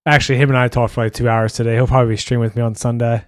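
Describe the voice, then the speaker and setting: A man hosting a casual podcast while gaming, blunt and quick to swear, reading out viewer chat. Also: medium pitch, level tone, no room sound, clean studio sound. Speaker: podcast host and streamer.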